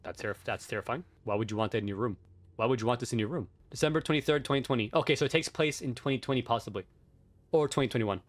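A man's voice: mid-range voice, rapid-fire. A young man playing a horror game on stream, rambling, swearing and reading on-screen text aloud in casual commentary. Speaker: gameplay streamer. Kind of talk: let's play commentary.

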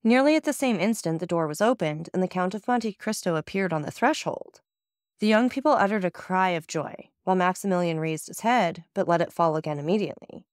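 A woman narrating a classic novel as an audiobook, in a steady, expressive reading. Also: on the low side, a little fast, no room sound, clean studio sound. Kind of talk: scripted narration.

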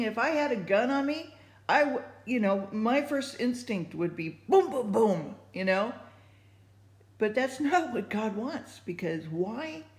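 A woman sharing her faith thoughts in casual, rambling talk, full of fillers and restarts. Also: fairly high pitch. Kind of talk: casual spoken reflection. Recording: echoey room.

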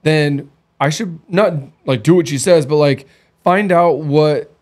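A man's voice: fairly high pitch, measured pace, a little mellow. A man in his thirties hosting, telling blunt, candid stories in a casual chat. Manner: blunt, candid storytelling with quoted dialogue. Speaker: podcast host.

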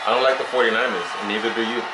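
A man's voice: mid-range voice, steady tone, very fast, very noisy. A man, a father in a family vlog, talking casually at home and arguing back lightly while a football game plays. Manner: argues back lightly, talks to the baby and at the TV. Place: living room at home. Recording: roomy room with TV sound behind. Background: TV with football game playing.

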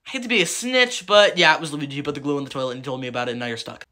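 A man voicing a small male dinosaur who tattles quickly. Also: a little high, very noisy, close to an everyday voice. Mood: tattling.

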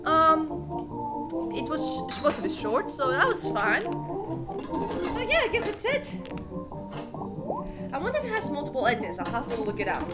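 A young woman hosting a gaming channel, giving expressive let's play commentary and panicking loudly at the scares. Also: high voice, moderate pace, pauses often. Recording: game music behind the voice.

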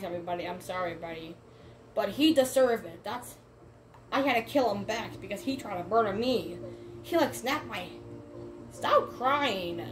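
Over a noisy background, a woman with a mid-range voice gives let's play commentary as a gamer. She's excitable and repetitive, shouts at the screen, and calls everyone "bro" and "man."

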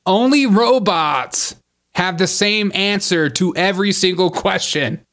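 A man's voice: high voice, expressive, unhurried, fairly bright tone, clean tone. A man hosting a comedic commentary show, reacting to clips with mocking remarks and laughter. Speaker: host.

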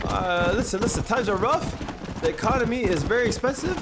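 A young man streaming a video game, chatting in a rambling, excitable way with heavy slang. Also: high voice, brisk. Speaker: gaming streamer. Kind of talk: casual live-stream commentary. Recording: noisy stream with game sounds.

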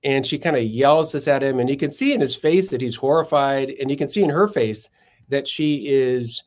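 In this podcast interview, a male philosopher and author recounts stories in a considered way, at times searching for words. He has a mid-range, somewhat mellow voice and keeps a moderate pace.

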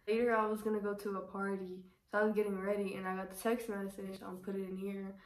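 A woman's voice: medium pitch, far from the mic. A young woman telling a casual storytime, chatty and full of "like", acting out what people said. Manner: chatty, fills with "like", acts out quotes. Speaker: vlogger. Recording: roomy echo, voice away from mic.

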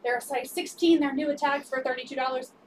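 A woman's voice: sits high, steady tone, fast, recorded from a distance, slight background noise. A woman selling secondhand clothes on a live stream, upbeat and repeating sizes, prices and item numbers. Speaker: resale live-stream seller. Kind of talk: live sales pitch.

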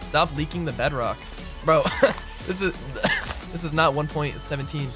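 This unhurried man with a fairly high voice is a streamer and server owner who plays a game while relaxedly answering chat out loud. He calls his viewers "bro" constantly, and music plays in the background.

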